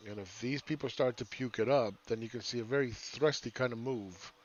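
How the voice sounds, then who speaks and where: A man's voice: medium pitch, brisk, highs cut off. A man giving casual, rambling live chart commentary as a market analyst, often asking "right?".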